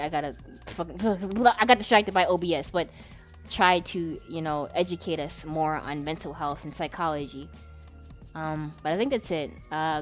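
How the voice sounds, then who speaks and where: A woman giving an unscripted, emotional vlog monologue. She rambles, swears a lot and speaks with passion. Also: fairly low pitch.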